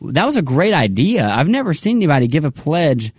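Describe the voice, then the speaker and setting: Guy hosting a radio fundraiser, kinda high voice, upbeat, dry studio sound. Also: big pitch swings, fairly quick, husky, dry recording. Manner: upbeat, prays aloud, repeats the phone number.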